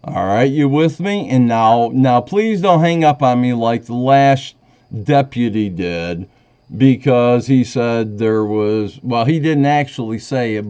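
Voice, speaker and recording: A man's voice: medium pitch, a little mellow. Rambling man on a dull phone call. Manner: rambling, agitated, wavering between indignation and choked-up emotion. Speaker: caller to a sheriff's office. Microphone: phone call recorded on his end.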